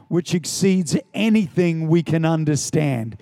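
High, gravelly preacher. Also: male voice, moderate pace. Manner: animated, storytelling, emphatic repetition. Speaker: pastor. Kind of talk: sermon.

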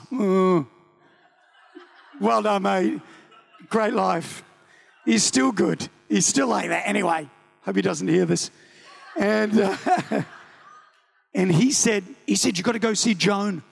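A man's voice: high voice, gravelly. A New Zealand man in his thirties preaching a sermon, telling a personal story with jokes and acted-out voices. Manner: animated, joking, acts out voices.

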